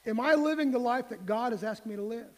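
A man preaching in a church sanctuary, his voice sitting unusually high for a man. He speaks plainly and earnestly, pressing the congregation with questions, and a long hall reverb trails after each phrase. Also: fairly quick. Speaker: pastor. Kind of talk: sermon.

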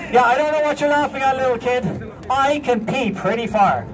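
With an extremely high, unhurried voice, this man works a city street crowd, joking through his patter and bossing the volunteers he's pulled up. The distant outdoor recording picks up laughter and street sounds.

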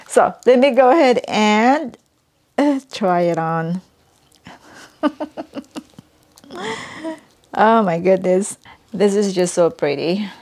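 A woman vlogger chatting casually as she unboxes a gift, excitable and giggly, gushing as she goes. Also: medium pitch, very slow, long pauses.

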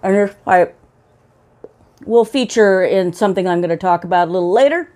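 A woman's voice: medium pitch, moderate pace, a little mellow. A woman hosting her own pipe-smoking vlog, chatting casually to camera in a rambling, self-mocking way with plenty of fillers.

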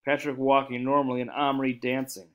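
Male reader, chapter-book narration, steady and expressive, mid pitch. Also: fairly quick, rough recording. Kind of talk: reading a children's novel aloud.

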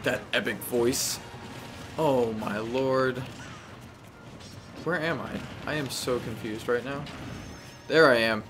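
A young man talks through his own gameplay in a loose, excitable way, with sudden yelps and taunts aimed at the characters on screen. His voice sits at an ordinary pitch, and game music plays faintly underneath. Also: slow pace, pauses often. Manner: animated, talks to the game, frequent exclamations. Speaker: gameplay commentator. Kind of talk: casual live gameplay commentary.

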